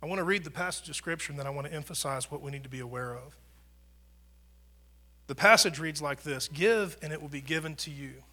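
Man, pastor, sermon; slightly high, bright voice; conversational, dynamic delivery. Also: fairly quick. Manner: conversational preaching, rises and drops in volume for emphasis. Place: church.

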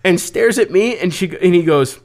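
A young man telling a story on a casual podcast, swearing freely and acting out what people said in loud, raised voices. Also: moderate pace. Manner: profane, animated, acts out quotes in loud high voices. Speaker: podcast co-host.

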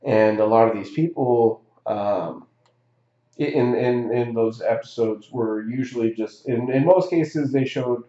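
A man's voice: medium pitch, a little slow, mellow, roomy sound, dull audio. A man telling a story in a casual chat, rambling and swearing, with many fillers and restarts. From Southern California.

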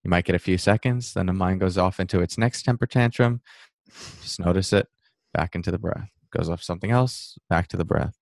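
A man who teaches mindfulness, talking through an interview answer in a relaxed, reflective way and acting out passing thoughts with small laughs. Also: low-pitched, fairly quick, creaky, no room sound.

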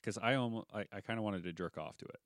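A man's voice: fairly low pitch, fast talker, dry recording, studio quality. A young man co-hosting a podcast in casual, joking chat, rambling and laughing. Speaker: podcast co-host.

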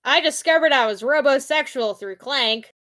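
High-voiced woman, playful co-host. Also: moderate pace, a bit bright. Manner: short agreeing replies, playful. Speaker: podcast co-host. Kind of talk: casual chat reviewing a TV show.

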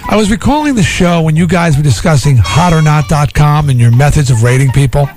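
A male radio host reads listener emails on air and riffs on them with big theatrical energy. His voice sits a little higher than most men's. Faint music plays under the broadcast. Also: brisk. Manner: animated, loud and theatrical at times. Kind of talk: morning radio banter, reading listener emails.

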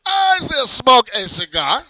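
A man voicing a strict, shouty German leather and whip seller with an eye patch, in a put-on German accent and a theatrical, menacing manner. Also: very high-pitched, wildly swooping pitch, a little slow, highs cut off, noisy background, pitched above the performer's own voice, full character voice. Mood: barking, strict. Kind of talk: comedy sketch character.

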